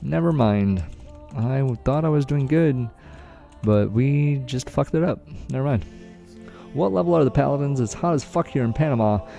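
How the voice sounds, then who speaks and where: A man's voice: mid-range voice, moderate pace, vocal fry, dark tone, faint music behind. A man streaming gameplay and commenting live, hyped up, cheering himself on and swearing freely. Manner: hyped, profane, self-cheering.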